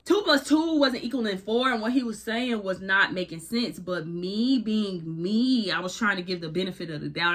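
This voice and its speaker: A young woman telling a candid storytime in a casual, slangy, animated way. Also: mid-range voice. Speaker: vlogger.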